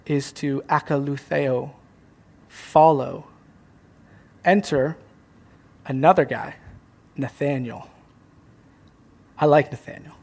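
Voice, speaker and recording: Young guy pastor giving a sermon, kinda high voice, super animated, cracks jokes on himself. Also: vocal fry. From Canada. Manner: animated, acts out voices, self-mocking jokes.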